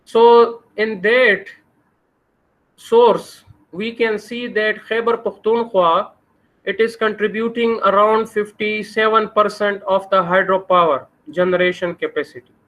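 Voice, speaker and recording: High-voiced Pakistani English lecturer. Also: male voice, fairly even intonation, a little slow, a bit bright, low-quality recording. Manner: explanatory, asks the class questions and answers them. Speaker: university lecturer. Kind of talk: classroom lecture.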